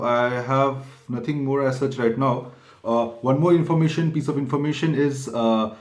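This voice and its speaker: A man talks viewers through a topic in an informal, step-by-step way. His voice sits at an ordinary middle pitch, and he often pauses and restarts to correct himself. The room around him is echoey. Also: darkish tone. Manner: halting, frequent self-corrections, explains step by step. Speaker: exam prep channel host. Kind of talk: informal explainer talk to camera.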